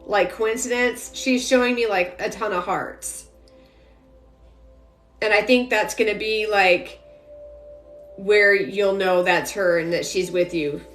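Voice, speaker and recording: Slow and pausing often, the young adult psychic medium rambles through a live stream reading full of fillers. Here her voice is medium-pitched and a bit bright, with a roomy echo and faint background music.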